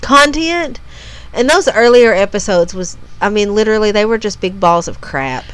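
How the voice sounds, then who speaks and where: A woman co-hosting a podcast, chatting casually and rambling as she goes, often restarting her sentences. Her voice is smooth and clear, sitting in a middle pitch. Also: lively intonation, fairly quick. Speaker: podcast co-host. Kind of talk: casual chat.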